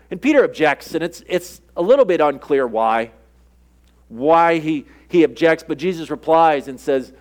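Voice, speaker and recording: Guy preaching, kinda high voice, chatty sermon, does little voices for the people in the story. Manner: conversational preaching, acts out quoted dialogue. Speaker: pastor.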